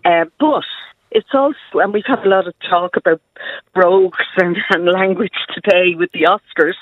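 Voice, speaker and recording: A woman's voice: on the low side, normal speed, no room sound. An Irish woman historian, a guest on a radio interview, talking in a chatty, enthusiastic way and laughing often, heard over a tinny phone line.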